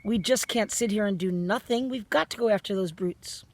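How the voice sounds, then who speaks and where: A woman reading aloud and voicing an eager, bold little orphan girl who talks in exclamations, with a breathy voice. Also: medium pitch, normal speed, a little mellow, close to an everyday voice. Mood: distressed. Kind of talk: storybook reading.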